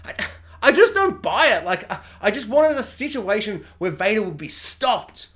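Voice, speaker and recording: A man's voice: high-pitched, sing-song, moderate pace, fairly bright tone. A man ranting sarcastically in a casual, rambling review. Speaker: video reviewer.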